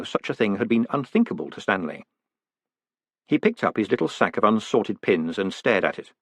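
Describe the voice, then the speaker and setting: A man reading a fantasy novel aloud as an audiobook, with expressive, wry storytelling. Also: mid-range voice, no echo. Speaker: audiobook narrator. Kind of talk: audiobook narration.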